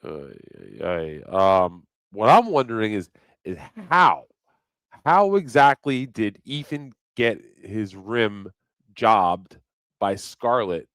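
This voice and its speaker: A man hosts his live stream in a loose, rambling chat, cursing freely and joking with viewers. His voice is deep and his delivery unhurried. The sound is dry and close, with no room echo. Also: big pitch swings, fairly bright tone. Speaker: livestream host. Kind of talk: casual livestream chat.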